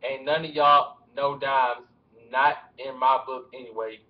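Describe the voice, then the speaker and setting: A man putting on an impression of a swaggering male rapper, drawling profane threats slowly, recorded with dull lo-fi webcam sound. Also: on the high side, natural voice. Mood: menacing. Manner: menacing, profane, slow drawl.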